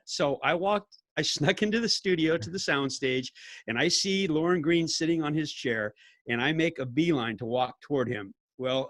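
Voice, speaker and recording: An older man, a podcast guest telling stories in an animated way, laughing and acting out what people said. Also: mid-range voice, dry recording. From California. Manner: animated storyteller, laughs often, acts out quotes. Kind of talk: casual storytelling interview.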